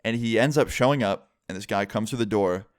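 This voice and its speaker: A young man telling a rambling, excitable story to camera in a casual vlog style, full of "like" and acted-out quotes. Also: fairly low pitch, fairly quick, clear, resonant tone, dry recording, studio quality. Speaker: vlogger.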